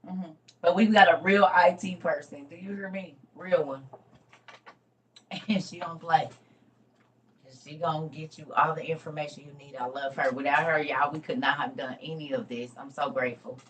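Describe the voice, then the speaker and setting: Woman host with a low-set voice, chatting casually to her livestream viewers, swinging from loud to murmured. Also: steady tone, moderate pace, slight background noise.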